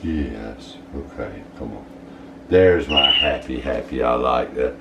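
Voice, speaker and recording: A man's voice: extremely low pitch, slow pace, gravelly, heavy background noise. A man vlogging while bathing his pet monkey, soothing it with cooing baby talk. He narrates casually in a bathroom.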